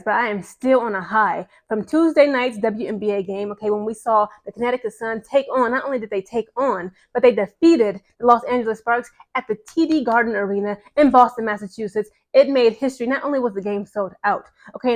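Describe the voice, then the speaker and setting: A young adult woman runs her own commentary vlog in a quick, eager patter, her voice sitting somewhat high for a woman. She talks emphatically and keeps tossing in "okay" as she drives each point home. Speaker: host.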